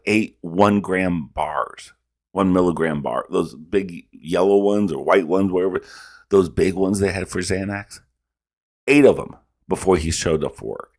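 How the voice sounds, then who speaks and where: A man with a very low voice hosts a reaction video. He tells stories in casual, animated commentary full of swearing. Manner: profane, animated storytelling.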